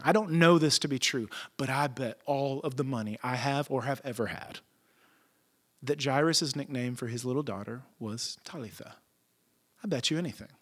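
A man preaching a sermon, retelling stories in animated, casual, slang-filled speech. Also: mid-range voice. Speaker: pastor.

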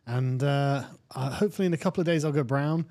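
A British man who is a guest on a political talk show, speaking in a relaxed, conversational way and quoting texts at length. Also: medium pitch, quick pace. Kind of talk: casual political chat.

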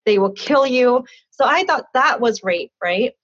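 Woman in her 30s, kinda high breathy voice, animated storyteller, dull dry audio. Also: measured pace, no room sound. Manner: candid, animated, laughs often, quotes others in dialogue. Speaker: interview guest. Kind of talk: personal storytelling in an interview.

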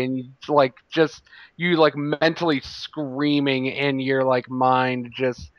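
A man's voice: medium pitch, flat delivery, takes it slowly, hardly any pauses, dry recording, lo-fi sound. A man hosting a game segment on a podcast, speaking hesitantly with many fillers. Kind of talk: casual podcast chat.

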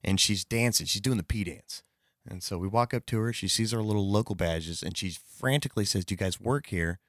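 A man with a very low voice tells a loose, casual anecdote. He rambles, corrects himself and swears freely. The recording is dry with no room sound. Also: a little fast, a bit bright, no room sound. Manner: rambling, with fillers, profanity and self-corrections. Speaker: storyteller.

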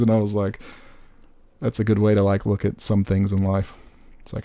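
Podcast co-host, male, low and gravelly, animated and jokey, dry close sound. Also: fairly quick, no echo. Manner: animated, joking, laughs often. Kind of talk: casual chat.

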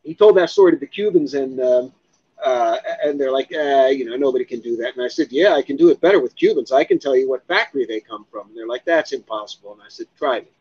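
A man telling a story as an interview guest, animated and profane, acting out what others said. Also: medium pitch, fast talker, breathy edge, highs cut off. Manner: animated, profane, acts out other people's lines. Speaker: guest, cigar expert.

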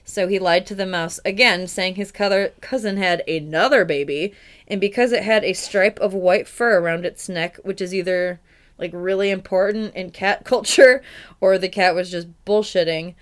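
A woman's voice: mid-range voice, moderate pace. A woman co-hosting a podcast, casually retelling a fairy tale with wry asides and swearing. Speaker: podcast co-host. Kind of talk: casual storytelling chat.

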